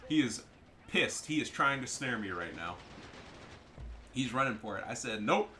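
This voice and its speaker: A young man giving casual, profane, excitable commentary over his own strategy game match. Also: mid-range voice, moderate pace, slight background noise. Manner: profane, excitable, trash-talking. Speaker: gameplay commentator.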